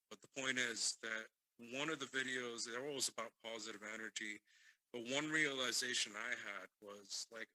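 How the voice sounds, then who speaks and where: A man's voice: mid-range voice, pushed and bright, dry recording, poor audio. A man on a comedy podcast panel, riffing with rhyming wordplay and joking digressions. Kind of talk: casual chat.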